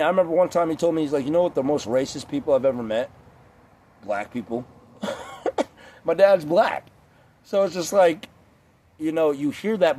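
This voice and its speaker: A man's voice: fairly high pitch, darkish tone, husky. A man talking straight to camera in a casual, rambling rant, swearing often and leaning on filler words. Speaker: vlogger.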